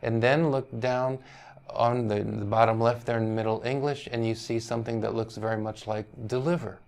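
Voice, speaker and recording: A man's voice: mid-range voice, fairly even intonation, moderate pace, vocal fry, darkish tone, clean tone. A male university teacher giving a lecture on language history, explaining patiently, often checking in with "right?" and hedging over foreign pronunciations.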